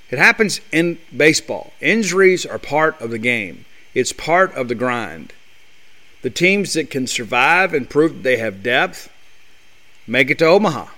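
A man's voice: high voice, bright, forceful tone. A man hosting a sports talk show, delivering a blunt, fired-up monologue full of rhetorical questions.

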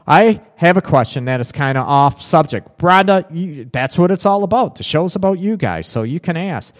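A man's voice: fairly high pitch, animated, normal speed. Frank chatty male show host, reverberant. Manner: candid, frank, chatty with frequent restarts. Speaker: relationship talk show host. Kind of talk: live-stream chat reading viewer comments.

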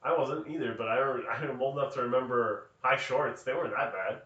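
A man's voice: medium pitch, fairly quick, fairly bright tone. A man co-hosting a podcast, joking casually about a movie and laughing often. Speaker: podcast co-host. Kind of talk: casual movie review chat. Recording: echoey, distant, lo-fi mic.

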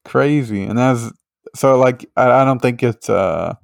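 A man's voice: medium pitch, measured pace, vocal fry, no echo, studio quality. Rambling, cursing male podcast host. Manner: rambling, swears freely, lots of fillers. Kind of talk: casual chat.

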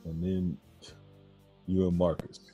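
A man's voice: low-pitched, completely flat delivery, slow, warm tone, breathy edge, soft background music, rough recording. A man co-hosting a podcast, asking teasing questions in casual chat.

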